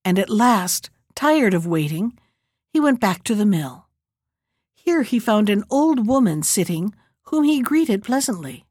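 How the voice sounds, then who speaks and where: A woman reading a fairy tale aloud as storyteller, calm and measured. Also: medium pitch, no room sound, studio quality.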